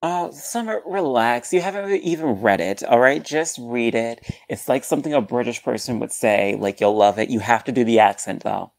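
A woman's voice: rumbling low, moderate pace, hardly any pauses, a little mellow, no room sound. A woman voicing a crude, boastful young man in a scripted comedy podcast. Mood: bossy.

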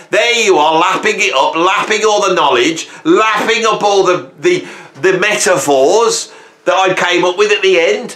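A middle-aged man hosting a music channel, ranting at his viewers in a theatrical, self-mocking way, swinging from hushed asides to loud bursts. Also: high voice, unhurried. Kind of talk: casual mock-rant to camera. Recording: echoey room.

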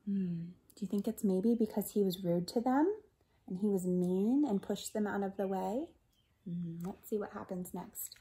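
With a mid-range voice and a measured pace, a woman reads a picture book aloud for children. Her delivery is animated and expressive, and she asks her audience questions and occasionally whispers.

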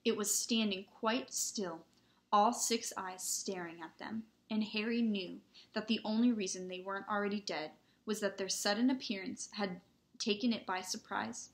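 A woman reads a children's novel aloud. Her voice sits at a medium pitch and her reading is expressive and dramatic. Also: normal speed. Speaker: audiobook reader. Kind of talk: storybook read-aloud narration.

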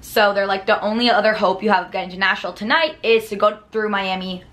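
A young woman tells a hectic travel story straight to the camera. She talks in a chatty, rambling way, filling her sentences with "like" and breaking into small laughs. Her voice sits at an ordinary middle pitch. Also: fast, a bit bright. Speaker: vlogger.

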